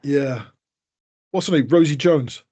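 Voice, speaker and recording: A man's voice: a little high, unhurried, warm tone, husky. A man co-hosting a casual podcast, trading dry, teasing banter. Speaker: podcast co-host. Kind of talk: casual chat.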